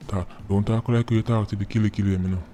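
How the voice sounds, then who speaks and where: A man's voice: on the low side, steady tone, fast talker, mellow, slight background noise. A man with a Jamaican accent giving casual, mocking commentary in patois, often tagging his lines with "right?". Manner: mocking, repeating tag words like "right?".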